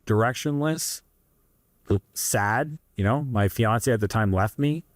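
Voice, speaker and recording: A man's voice: mid-range voice, slow, no echo, studio quality. Earnest Canadian man telling his story. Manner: earnest, rambling, restarts and asides. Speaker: guest entrepreneur. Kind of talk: candid interview storytelling.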